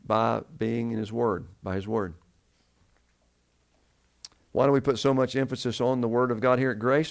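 A man's voice: medium pitch, creaky, clear, resonant tone. Man preaching a Bible sermon. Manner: questions the congregation and answers himself. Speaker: pastor.

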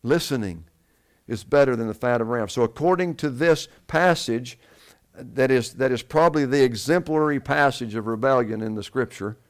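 A man's voice: mid-range voice, normal speed. A man preaching a sermon to his congregation, asking them questions and answering them himself. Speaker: pastor.

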